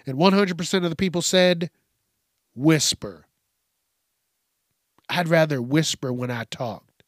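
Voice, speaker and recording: Loose and profane, this solo podcast host drifts across topics with frequent restarts and repeated words. His fairly high voice keeps a measured pace, recorded dry at studio quality.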